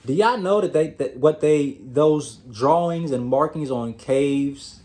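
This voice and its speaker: A man's voice: mid-range voice, a little mellow. A man hosting his own channel, giving a casual motivational talk straight to his audience, calling them y'all and repeating words as he finds his thoughts. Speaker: host of a self-improvement channel.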